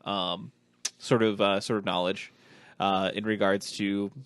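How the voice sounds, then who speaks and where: A man's voice: fairly low pitch, level tone, unhurried, smooth, no room sound. A man hosting a casual podcast, rambling through his points with many fillers and restarts. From Ohio. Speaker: podcast host.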